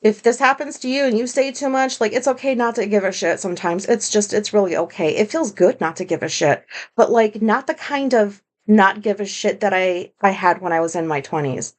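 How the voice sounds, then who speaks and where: A woman's voice: medium pitch, fairly quick. A woman hosting her own podcast, talking in a candid, rambling monologue full of fillers and swearing. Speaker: podcast host. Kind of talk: casual solo podcast monologue.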